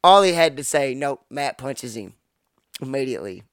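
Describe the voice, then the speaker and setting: Smooth-voiced man telling a rowdy story. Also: mid-range voice, normal speed, dry recording, studio quality. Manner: profane, animated storyteller acting out quotes. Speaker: podcast co-host. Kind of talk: casual storytelling chat.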